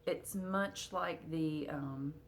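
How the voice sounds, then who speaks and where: Low-voiced woman chatting casually. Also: extremely slow, slight background noise. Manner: chatty, with frequent fillers. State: hiccups. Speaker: cross-stitch vlogger. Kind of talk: casual chat to camera.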